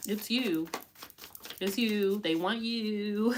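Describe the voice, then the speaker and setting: A woman's voice: mid-range voice, steady tone, moderate pace, a little hiss or hum. A woman giving a live tarot reading, talking in emphatic, repetitive, slangy bursts full of profanity and pep-talk urging. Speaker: tarot reader.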